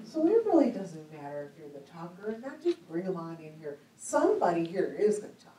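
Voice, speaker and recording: A woman's voice: on the low side, very animated, brisk, few pauses, mellow. Chatty woman preaching in an echoey hall. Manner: chatty, humorous, laughs often. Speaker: speaker at a church conference. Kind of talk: storytelling sermon talk. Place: church hall. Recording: echoey hall, mic at a distance.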